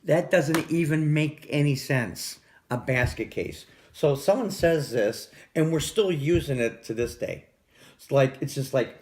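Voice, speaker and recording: A man's voice: fairly high pitch, animated, unhurried, darkish tone. A middle-aged man vlogging in a casual, rambling way, stumbling over restarts and repeated words.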